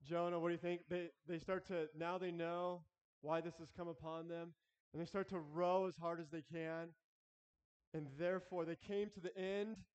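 A man preaching a sermon earnestly, with halting restarts, acting out prayers as he goes. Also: fairly high pitch, flat delivery, darkish tone, clean tone, long reverb tail. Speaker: pastor.

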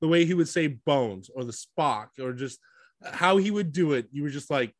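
A man co-hosting a podcast in casual chat, excitable and loose, with many fillers and swearing. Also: a little high, normal speed, dry recording. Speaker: podcast co-host.

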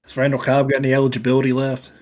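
A man in the middle of a relaxed sports podcast chat, trading jokes about football with friends. His voice sits at an ordinary pitch, and he laughs easily between lines. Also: rapid-fire. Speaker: podcast co-host.

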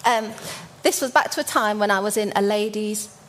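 A woman's voice: medium pitch, normal speed, fairly bright tone, a little hiss or hum. A woman in her forties from Birmingham, giving a church sermon as a story, with frequent ums and restarts. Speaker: church speaker.

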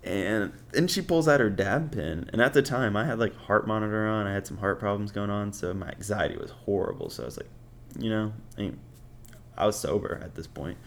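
A man's voice: lowish voice, animated, brisk, creaky. A young man casually telling dating stories as a podcast host, swearing and laughing often. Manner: profane and laughing, offhand. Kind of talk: casual storytelling.

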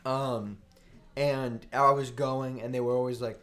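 A young man co-hosts a casual podcast, spinning an absurd story with a straight face and mock gravity. His voice sits at an ordinary middle pitch, and the talk is loose and joking. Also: moderate pace. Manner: deadpan mock-serious storytelling. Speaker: podcast co-host.

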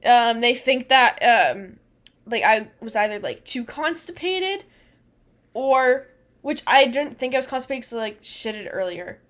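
This young adult podcast co-host has a fairly high, very animated voice and takes her time, wandering through a story in a relaxed chat and breaking into laughter frequently.

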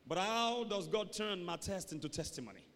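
A male pastor preaching a call-and-response sermon, swinging between loud emphatic calls and low asides. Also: lively intonation, normal speed. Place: church sanctuary. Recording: reverberant church hall, faint noise.

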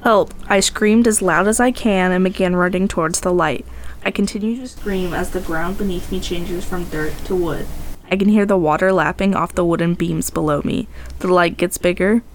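A woman's voice: fairly low pitch, moderate pace, slight background noise. A woman podcast host narrating a tense first-person tale in a dramatic storytelling manner.

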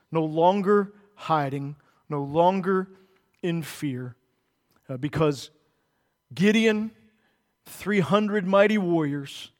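Animated high-voiced male preacher. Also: big-room sound. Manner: animated, acts out Bible characters in voices. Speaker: pastor. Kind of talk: sermon.

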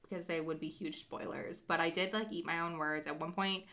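A young woman chats about books as a podcast co-host, telling stories in a lively, rambling way with plenty of fillers. Her voice sits a little low but sounds bright and clear. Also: fairly quick. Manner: chatty, animated storytelling with many fillers. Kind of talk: casual chat about books.

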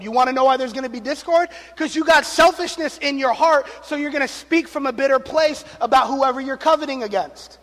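A young man preaching a sermon to his congregation in a conversational, animated way, speaking straight to the people in front of him. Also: very high voice. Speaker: pastor. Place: church sanctuary. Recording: long reverb of a large hall.

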